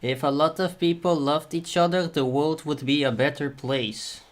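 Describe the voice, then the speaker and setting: A man's voice: on the high side, normal speed, voice pushed up, lightly acted. A man putting on an exaggerated, mocking impression of an earnest, eccentric male filmmaker with an odd accent.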